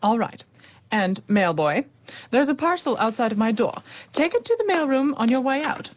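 A woman playing a vain, bossy company manager in an audio drama, brisk and self-important. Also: fairly high pitch, sing-song.

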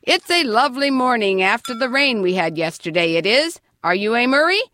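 A woman voicing a warm, chatty elderly grandfather who speaks slowly and exclaims in greeting. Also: on the high side, expressive, pitched above the performer's own voice. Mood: friendly. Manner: slow, exclaiming, friendly.

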